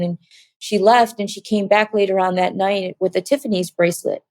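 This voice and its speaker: A middle-aged woman telling her personal testimony in a soft, halting, reflective way, with many pauses and fillers. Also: medium pitch, fairly even intonation, no room sound. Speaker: interview guest sharing her testimony.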